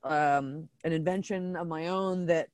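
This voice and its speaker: A woman's voice: low-pitched, fairly even intonation, measured pace, a little mellow, no echo, clean studio sound. A woman who makes things herself, a podcast guest chatting casually and poking fun at herself. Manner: chatty, self-deprecating, fillers and restarts. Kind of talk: casual interview chat.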